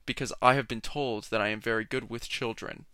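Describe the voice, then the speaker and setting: Young guy ranting on his podcast, bright voice, rambles and cuts himself off, super dry close sound. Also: medium pitch, steady tone, fairly quick, smooth, dry recording. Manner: rambling, self-interrupting, sarcastic. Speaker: podcast host. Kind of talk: casual solo podcast rant.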